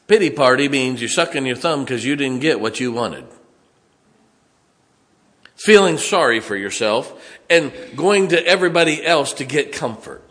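Preacher booming in a reverberant hall. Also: male voice, expressive, moderate pace. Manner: swings from quiet, low asides to loud, emphatic exhortation. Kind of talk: sermon. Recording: long reverb of a large hall.

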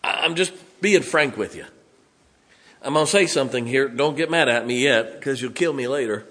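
A man's voice: medium pitch, animated, moderate pace, a bit bright. A man preaching a sermon, folksy, joking and blunt as a pastor speaking to his congregation.

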